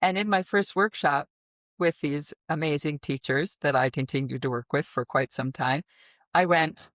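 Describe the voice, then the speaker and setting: A voice teacher from the American Midwest, a guest in a conversational interview, tells her story in an expressive, animated way with sudden vocal demonstrations. Her voice is naturally deep and her pace moderate, in a dry, studio-quality recording.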